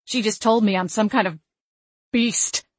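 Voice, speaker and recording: A woman's voice: medium pitch, unhurried, no room sound, lightly acted. A woman voicing a cursed young man, bitter. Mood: angry. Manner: terse, bitter outbursts. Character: young man, newly cursed, scared and angry.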